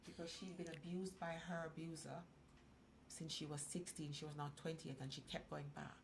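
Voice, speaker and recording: Low gravelly middle-aged woman. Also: steady tone, moderate pace, background noise. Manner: emphatic storytelling, acts out others' voices. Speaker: guest speaker. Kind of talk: personal testimony in a talk program.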